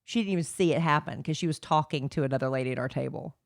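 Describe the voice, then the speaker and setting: A middle-aged woman, co-hosting a podcast and telling a story in a lively, animated way. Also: low-pitched, rapid-fire, gravelly, dry recording, clean studio sound. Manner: animated storyteller, acts out quoted voices. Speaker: podcast co-host. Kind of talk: casual chat, telling a story.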